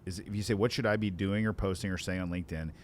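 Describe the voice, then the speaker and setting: A man's voice: deep voice, steady tone, fast, a little hiss or hum. A middle-aged man co-hosting a conversational podcast as a sales consultant, joking, laughing easily and giving blunt advice.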